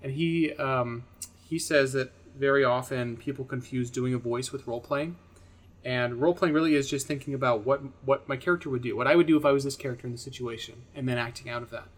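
A man co-hosting a casual podcast chat, with a middle-pitched voice. He builds his arguments in a measured, reasoned way, with a dry edge to how he pushes back. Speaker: podcast co-host, game master.

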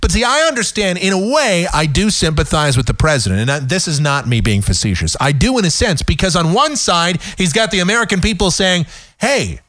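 A man's voice: high-pitched, animated, fairly quick, hardly any pauses, a bit bright, no echo, studio quality. A man hosting a talk radio show, ranting sarcastically in an opinionated monologue. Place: radio studio.

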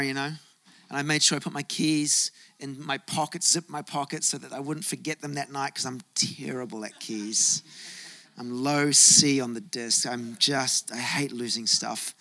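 Bright-voiced man preaching a sermon. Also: fairly high pitch. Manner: storytelling, rising to emphatic bursts. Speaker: pastor.

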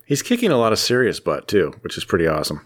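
Low-voiced man rambling about comics. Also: huge pitch swings, fast talker, slightly rough. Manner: chatty and rambling, with frequent fillers. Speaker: podcast co-host. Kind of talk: casual chat about comics.

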